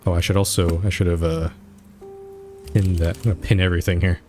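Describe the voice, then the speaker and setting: A man's voice: low-pitched, little pitch movement, a little fast, over music. A man streaming a detective game, thinking aloud and reading on-screen text aloud. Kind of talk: let's play commentary.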